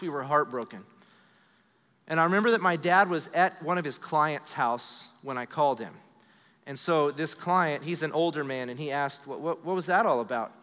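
A man in his thirties preaching a live sermon in a church, earnest and direct, dropping to a soft hush when he tells personal stories. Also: fairly high pitch, long reverb tail. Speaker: pastor. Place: church sanctuary during a live service.

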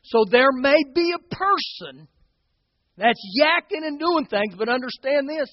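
A man's voice: very high voice, expressive, a little slow, no echo, long reverb tail, highs cut off. A man preaching a sermon as pastor, talking to the congregation in a conversational way and often checking in with "okay?" and "guys".

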